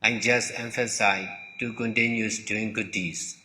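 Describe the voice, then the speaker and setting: Slow, halting monk in an echoing hall. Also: male voice, on the low side, steady tone, pushed and bright, slight background noise. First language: Burmese. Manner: halting, repeats words, pauses between short phrases. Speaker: monk teacher. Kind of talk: slow dharma talk. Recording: long hall reverb.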